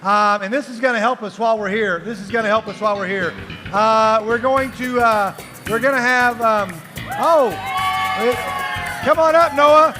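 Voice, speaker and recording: A man's voice: high-pitched, steady tone, moderate pace, bright, forceful tone, long reverb tail, soft background music, a faint crowd. A man hosting a live youth group show, playful and chatty, coaxing kids along with encouragement.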